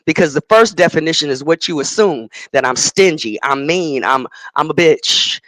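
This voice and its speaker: A man's voice: a little high, animated, normal speed, a bit bright, no room sound, rough recording. An American man co-hosting a live stream, explaining his ideas at length in a lecturing way. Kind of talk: casual live-stream chat.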